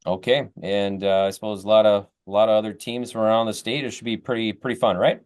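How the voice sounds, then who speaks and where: Low-voiced male host, folksy, many fillers. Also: flat delivery, fast talker, darkish tone. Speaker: radio host. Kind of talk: interviewing students.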